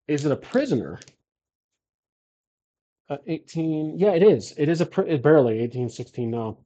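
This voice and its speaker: A man's voice: fairly high pitch, lively intonation, moderate pace, mellow, highs cut off. Hesitant man narrating a solo tabletop game. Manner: hesitant, filler-heavy, self-correcting.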